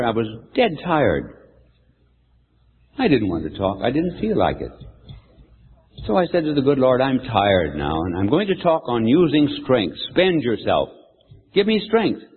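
An older male preacher tells a folksy sermon story, stopping to quiz the crowd. His voice is slightly husky and swings widely in pitch. The sound is thin and phone-like, with a long echo from a large hall. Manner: animated, folksy storyteller who quizzes the audience.

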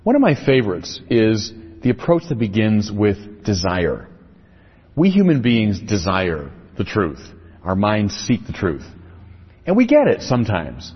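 A man with a slightly husky voice gives a religious talk, his pitch rising and falling freely as he builds his points in lists and asks rhetorical questions. The sound is dull and lo-fi, with a long echo trailing behind his words. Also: wildly swooping pitch, a little slow. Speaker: speaker on religion. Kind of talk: lecture-style religious talk. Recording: echoey, dull lo-fi recording.

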